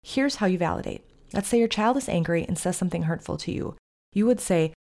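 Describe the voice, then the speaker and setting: A middle-aged woman hosting a podcast, giving calm, earnest, faith-based parenting advice in an instructive way. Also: on the low side, fairly quick. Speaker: podcast host, family therapist.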